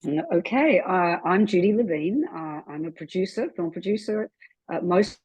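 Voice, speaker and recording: A middle-aged woman with an Australian accent, a film producer chatting as a guest on a video call, warm and full of ums. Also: on the low side, moderate pace, breathy edge, no echo, highs cut off. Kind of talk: casual interview chat.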